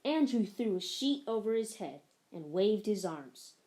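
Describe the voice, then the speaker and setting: A woman reads a children's picture book aloud as a storybook narrator, telling it expressively. She speaks at a medium pitch and a measured pace.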